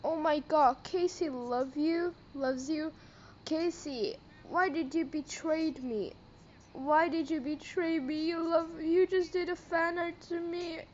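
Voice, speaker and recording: A woman's voice: sits high, steady tone, slow, muffled recording, slight background noise. A woman with a tearful, upset voice, crying as she pleads with and scolds viewers in a vlog rant. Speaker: channel owner.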